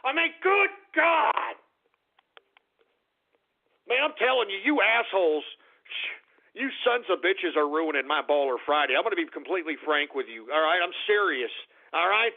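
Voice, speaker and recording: A high, gravelly male voice rants and swears as he hosts a call-in radio show. He sounds fed up with his callers. The sound is thin and tinny, like a phone line. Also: animated, normal speed, pauses often. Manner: profane, ranting, exasperated.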